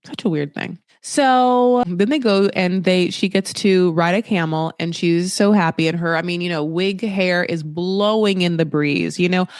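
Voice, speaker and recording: A man's voice: sits high, a little slow, few pauses, clear, resonant tone, no echo, clean studio sound. A man hosting a casual reality TV recap podcast, chatty and sarcastic, acting out the people he talks about. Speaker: podcast host.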